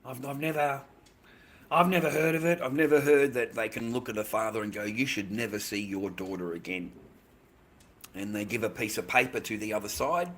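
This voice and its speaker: A man's voice: medium pitch, fairly even intonation, brisk, a bit bright, a little hiss or hum. An Australian man livestreaming, rambling in casual chat, swearing constantly and ending his lines with "mate".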